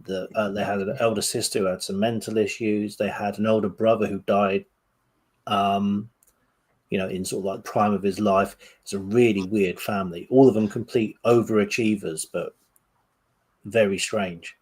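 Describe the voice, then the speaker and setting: A man on a casual livestream chat, relaxed and thoughtful as he tells a story. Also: on the low side, normal speed, husky.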